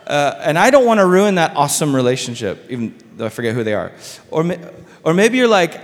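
Male pastor, chatty sermon, slightly high voice, echoing church hall. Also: sing-song, a little fast. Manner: casual, conversational preaching with filler words. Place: church sanctuary.

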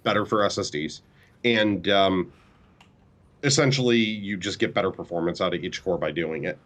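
A man's voice: sits low, normal speed, a bit bright. A man co-hosting a podcast, explaining technical details in an easygoing, casual way. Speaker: podcast co-host.

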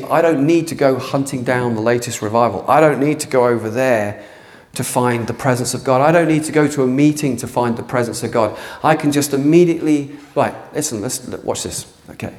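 A man preaching a sermon to a church congregation, passionate and earnest, sometimes rising to near shouting. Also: medium pitch, normal speed. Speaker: pastor. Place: church hall.

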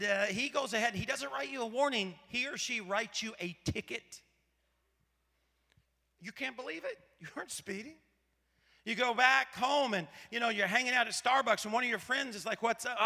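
A pastor from Arkansas, preaching a sermon in a conversational, storytelling way and asking the audience rhetorical questions. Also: male voice, sits high, pushed and bright, big-room sound. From Arkansas, USA.

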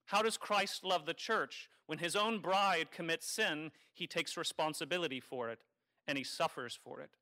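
Male priest, homily delivery, wry and conversational, bright and slightly high voice. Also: normal speed. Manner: conversational and wry, teasing the congregation. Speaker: Catholic priest. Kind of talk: sermon.

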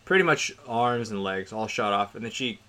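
Male podcast co-host, bright and forceful, animated casual recap. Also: fairly low pitch, moderate pace. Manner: laughing, animated retelling with acted quotes. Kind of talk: casual movie recap chat.

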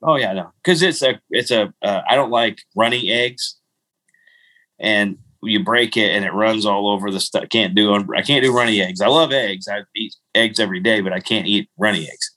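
A man's voice: lowish voice, moderate pace, sharp tone, poor audio. A middle-aged man hosting a podcast, rambling through casual stories and laughing at himself. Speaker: podcast host. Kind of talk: casual storytelling chat.

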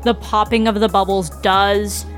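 A woman acting as game master, explaining the results of rolls in a deliberate, amused manner. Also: mid-range voice, little pitch movement, faint music behind. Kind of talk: running a tabletop game.

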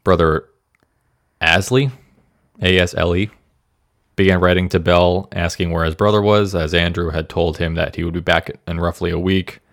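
A low, steady male voice at normal speed, recorded dry with clean studio quality. He's a podcast co-host from Indiana casually retelling a true-crime story, often tripping over his words and tossing in self-deprecating asides.

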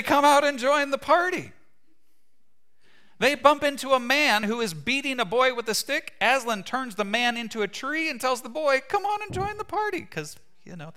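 A middle-aged male pastor delivers his sermon as an animated story. His voice sits a little high and rings bright and clear. He slips into quoted lines now and then.

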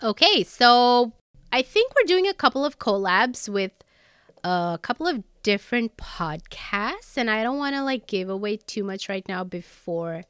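A woman's voice: on the high side, sing-song, measured pace, a bit bright, clean tone, no echo. Woman, American accent, podcast co-host, chatty and upbeat, dry close sound. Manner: chatty, upbeat, laughs often. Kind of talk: casual podcast chat.

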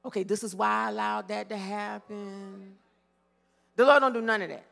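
A woman preaching a sermon, pausing dramatically and asking the congregation to fill in her questions. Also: mid-range voice, fairly even intonation, creaky, a bit bright, big-room sound. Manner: call-and-response questions with dramatic pauses. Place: church sanctuary.

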